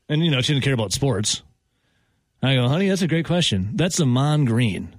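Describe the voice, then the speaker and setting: A man, hosting a sports talk show and telling stories with lively acted-out quotes and frequent laughter. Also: medium pitch, moderate pace, long pauses, no echo. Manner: animated storyteller, acts out quotes, laughs often. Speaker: radio host. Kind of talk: casual sports talk banter.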